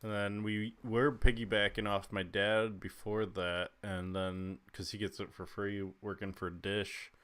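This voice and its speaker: Chill guy running a sports podcast, bit low voice, laughs a lot. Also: little pitch movement, measured pace, few pauses, a bit bright, clean tone. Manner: laid-back, laughs often, trails off with uh. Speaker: podcast host. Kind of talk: casual sports chat.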